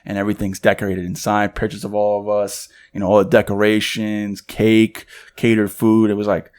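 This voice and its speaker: A young man co-hosting a podcast, casually telling a rambling, excited story and acting out the voices of the people in it. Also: on the low side, normal speed, clean tone. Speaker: podcast co-host. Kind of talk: casual chat.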